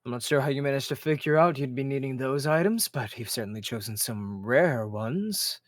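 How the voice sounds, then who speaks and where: A man voicing a calm, kindly mentor with glasses. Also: mid-range voice, no echo, studio quality, lightly acted. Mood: friendly. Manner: measured and encouraging, chuckles often.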